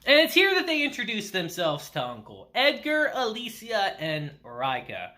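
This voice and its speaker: A man's voice: high voice, huge pitch swings, normal speed, sharp tone. A man casually recapping an anime episode as a reviewer, laughing often and acting out the characters' lines.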